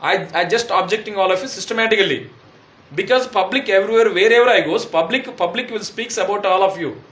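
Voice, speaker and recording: A man's voice: sits high, quick pace, fairly bright tone, echoey room. A man from India with an Indian English accent, giving an urgent, pleading personal testimonial that circles back and repeats itself. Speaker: testimonial speaker.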